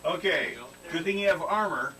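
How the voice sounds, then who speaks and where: A man's voice: on the high side, moderate pace, pushed and bright. A man narrating as game master in a tabletop role-playing game, laughing often and telling players to roll dice. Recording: noisy room recording from a distance.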